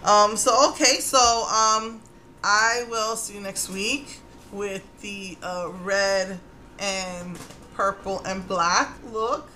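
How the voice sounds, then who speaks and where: A woman in her thirties telling a chatty story in a casual vlog, animated and laughing often. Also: mid-range voice, takes it slowly, a little hiss or hum. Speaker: vlogger.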